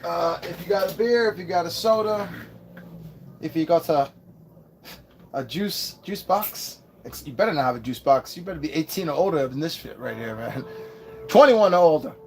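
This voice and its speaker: A man's voice: on the high side, lively intonation, normal speed, a little hiss or hum. A man hosting a casual live unboxing, rambling and swearing as he chats with his viewers. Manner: rambling, profane, chatty with viewers. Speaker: host. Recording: clear background music. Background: music.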